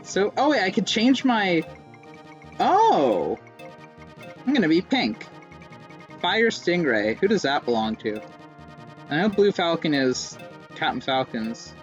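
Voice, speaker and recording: A man's voice: high voice, sing-song, takes it slowly, long pauses, dull audio, faint music behind. A young man giving casual, rambling, self-mocking commentary while playing a racing game. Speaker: let's play streamer.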